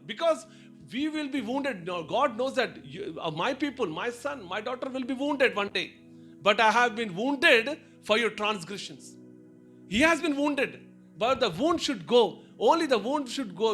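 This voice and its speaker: A man's voice: very high voice, lively intonation, normal speed, fairly bright tone, faint music behind. A male pastor preaching and then praying, often repeating and restarting his phrases. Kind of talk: sermon and prayer.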